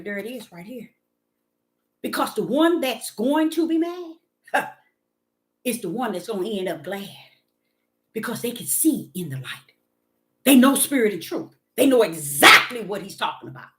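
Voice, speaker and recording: A woman delivers a fervent sermon in a high, bright voice. Her pitch leaps widely as she repeats lines in a rhythmic pattern. She swings between loud declarations and hushed, quick asides. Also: very animated. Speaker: preacher. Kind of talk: impassioned preaching monologue.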